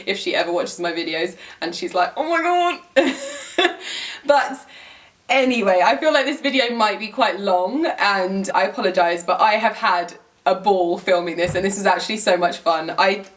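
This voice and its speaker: A woman's voice: medium pitch, fairly quick, distant mic. Giggly, rambling young woman. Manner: giggly, rambling, heavy use of "like". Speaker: lifestyle vlogger. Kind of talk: chatty storytelling to camera.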